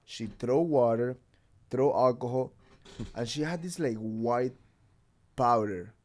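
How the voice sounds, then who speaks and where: A man hosts a podcast in a mid-pitched voice. He tells stories in a loose, rambling way, stacking up fillers and restarts. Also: slow, darkish tone. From Ecuador. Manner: rambling storytelling with many fillers, laughs often. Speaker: podcast host. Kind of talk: casual chat.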